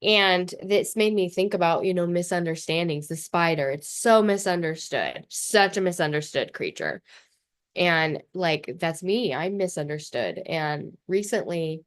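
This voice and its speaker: A woman's voice: fairly low pitch, lively intonation, unhurried. A middle-aged woman hosting a podcast, telling personal stories candidly in a loose, blunt way, swearing casually and laughing often. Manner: talks in loose run-on phrases with many fillers. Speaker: podcast host.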